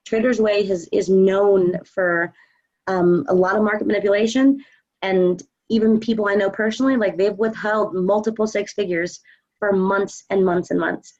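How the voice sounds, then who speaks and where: A confident woman talks through questions in a loose live chat, sure of her views and chatty. Her voice sits at a middle pitch and comes through dull, lo-fi stream audio. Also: steady tone, moderate pace, darkish tone. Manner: confident, chatty, many fillers. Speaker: trading coach.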